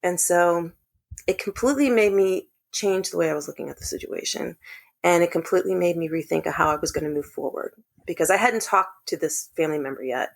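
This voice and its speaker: Lowish gravelly woman's voice, earnest, gets lively when quoting people. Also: a little fast. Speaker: podcast guest. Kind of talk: casual storytelling conversation.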